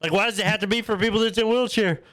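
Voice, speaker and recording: A man's voice: high-pitched, rapid-fire. A man co-hosting a podcast, telling crude stories in casual chat and pushing his point by repeating himself. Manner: profane, animated storyteller, keeps saying listen. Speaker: podcast co-host.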